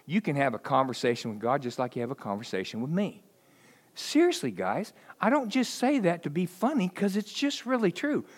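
Animated high-voiced preacher. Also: male voice, fairly quick. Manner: animated storytelling, acts out quoted voices, chuckles often. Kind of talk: conversational sermon.

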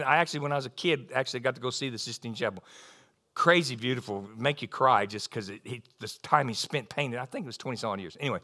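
A middle-aged man, preaching a sermon in a folksy, animated storytelling way that climbs into excited bursts. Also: a little high.

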